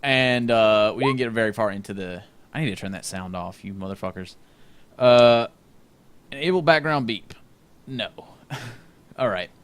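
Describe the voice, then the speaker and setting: A man's voice: medium pitch, a little slow, long pauses, clear, resonant tone. A man hosting a tabletop game stream over a voice call, chatty and joking, laughing and swearing. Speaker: stream host. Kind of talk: casual chat.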